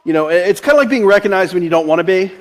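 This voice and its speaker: Chatty high-voiced man preaching. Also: lively intonation, rapid-fire. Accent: Delaware. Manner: chatty, laughs often, many restarts and fillers. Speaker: pastor. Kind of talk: conversational sermon.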